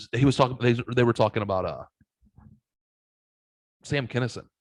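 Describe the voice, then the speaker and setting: A man's voice: medium pitch, normal speed, no echo. A man hosting a podcast, telling stories in casual chat and swearing freely. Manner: animated storytelling, swears freely. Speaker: podcast host.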